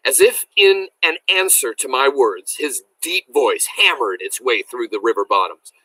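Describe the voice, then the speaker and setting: A man reading a novel aloud as a teacher, animated and enthusiastic, stopping to explain words to his listeners. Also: mid-range voice, measured pace, no room sound, poor audio.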